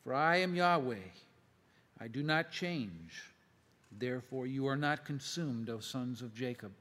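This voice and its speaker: A man teaching from scripture and reading long passages aloud in a measured way, letting his voice fall away at the ends of phrases. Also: animated, a bit bright. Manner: measured, drops pitch and volume at phrase ends. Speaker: preacher. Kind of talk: slow Bible reading and teaching.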